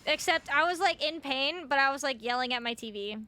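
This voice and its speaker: A woman's voice: high-pitched, lively intonation, a little fast, pushed and bright, soft background music. A young woman streaming a video game, chatting casually with her viewers, swearing freely and sounding a little tired and short on sleep. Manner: chatty, swears freely, greets chat by name.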